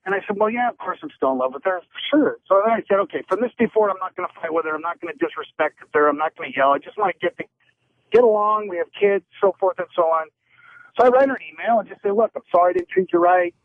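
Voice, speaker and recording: A man's voice: high voice, fast, no echo. A man calling in to a show, earnestly rambling through a personal story on a tinny phone line. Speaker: caller.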